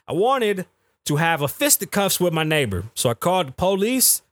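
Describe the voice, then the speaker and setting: A man's voice: high voice, sing-song, normal speed, dry recording. A man ranting as a podcast host, telling stories in a heated and profane way. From the Bronx, New York. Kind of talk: casual podcast rant.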